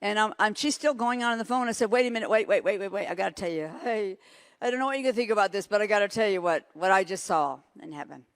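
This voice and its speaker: Animated woman preaching with dry sound. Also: medium pitch, quick pace, dry recording. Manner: animated, laughing storyteller. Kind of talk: sermon with storytelling.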